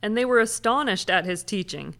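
A woman reading Bible passages aloud in a steady, measured way during a study session. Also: mid-range voice, creaky. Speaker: scripture reader.

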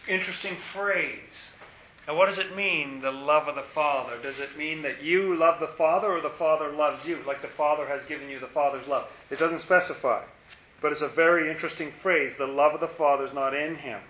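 A man's voice: fairly high pitch, a little fast, bright, forceful tone. A man leading an informal Bible study, thinking aloud and asking rhetorical questions. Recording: roomy, dull lo-fi recording.

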